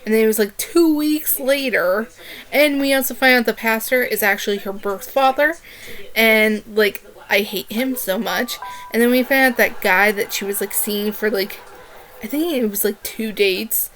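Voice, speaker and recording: A woman's voice: fairly high pitch, moderate pace, a bit bright. A young woman chatting casually in a book review vlog, rambling and gushing with constant "like" fillers.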